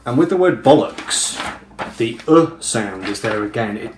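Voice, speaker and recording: A man's voice: mid-range voice, slow. A man giving a casual, methodical pronunciation lesson to camera, repeating example words with hard emphasis. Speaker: video creator explaining pronunciation. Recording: echoey room with faint background hum.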